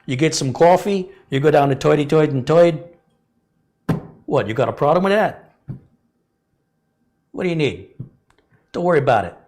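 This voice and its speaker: A man's voice: fairly high pitch, lively intonation, normal speed, long pauses, darkish tone, voice pushed up. A man putting on a New York City accent to play a brash, confrontational tough guy. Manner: confrontational, gruff street talk.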